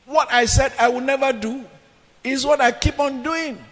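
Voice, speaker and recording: A man's voice: extremely high pitch, steady tone, normal speed, a bit bright. A man preaching a sermon, emphatic and dramatic in his scripture reading. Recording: long reverb of a hall.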